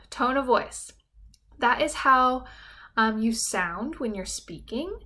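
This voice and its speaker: Bright-voiced woman teacher, patient and clear. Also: a little high. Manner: patient, explains simply, checks in with "okay?". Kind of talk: recorded classroom lesson.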